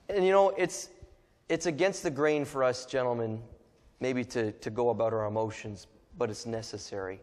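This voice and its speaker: A man's voice: mid-range voice, moderate pace, pauses often, darkish tone, big-room sound. A man preaching a sermon in a casual, joking way, acting out little asides and voices as he goes.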